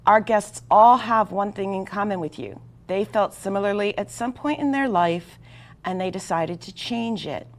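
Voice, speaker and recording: A woman's voice: mid-range voice, normal speed. A woman hosting a talk show, reading a guest introduction in an earnest, emphatic way with small stumbles over words.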